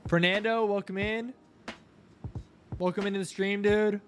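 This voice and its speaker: A young man live-streaming his crypto trading, chatting casually, thanking viewers and coaxing the price chart out loud. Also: high voice, fairly even intonation, a little slow, a little hiss or hum.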